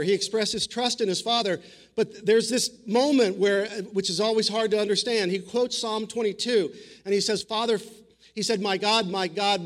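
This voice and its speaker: Guy with a high voice giving a sermon, earnest and chatty, lots of restarts. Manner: earnest, conversational preaching with frequent restarts and fillers. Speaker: pastor.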